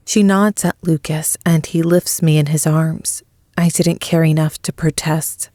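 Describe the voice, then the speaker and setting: A woman narrates a story in the first person, reading slowly and with measured emotion. Her voice is low and the recording is dry, close and free of room sound. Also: flat delivery, a little mellow, dry recording. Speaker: audiobook narrator.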